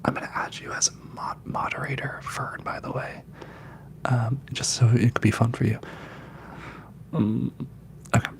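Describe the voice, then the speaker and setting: A man hosting a livestream, chatting in a soft, mostly whispered ASMR voice and rambling with many fillers. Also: medium pitch, little pitch movement, normal speed, long pauses. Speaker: ASMR channel host.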